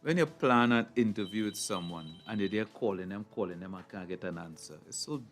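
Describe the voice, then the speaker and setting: A man's voice: on the low side, a little fast, faint music behind. A man hosting a call-in radio show, prompting callers in a brief, matter-of-fact way. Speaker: radio talk show host.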